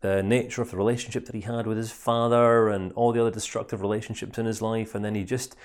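A man, a life coach, telling a parable in an animated, conversational lesson. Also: fairly low pitch, fast, clean tone. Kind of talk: storytelling lesson.

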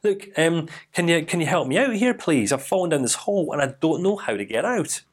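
A desperate young man stuck down a hole, as a man plays him, pleading and calling out frantically. His voice is high and climbs and falls a lot. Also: sing-song, a little fast. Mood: weary. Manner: pleading, frantic calls for help.

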